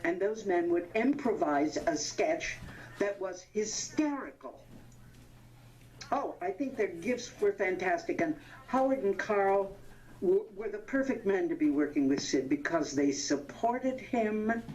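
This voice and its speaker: A woman in her eighties, a veteran actress, reminiscing in an interview as an animated storyteller who laughs often and stops to search for names. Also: medium pitch, measured pace. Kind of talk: anecdotal reminiscing. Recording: dull lo-fi sound.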